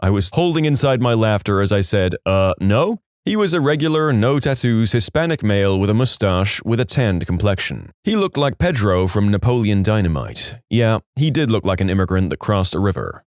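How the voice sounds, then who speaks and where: A man reads submitted stories aloud in a scripted storytime style, his voice swinging up and down with lively, animated pitch. He drops in wry joking asides between the tales. The recording is close and dry, with no room sound. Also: brisk, hardly any pauses, no echo. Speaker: narrator of reader-submitted stories.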